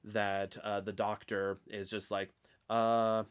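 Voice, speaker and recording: A man's voice: on the low side, normal speed. A man with an Oklahoman accent co-hosting a casual podcast, rambling with lots of fillers and restarts. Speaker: podcast co-host. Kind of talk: casual chat.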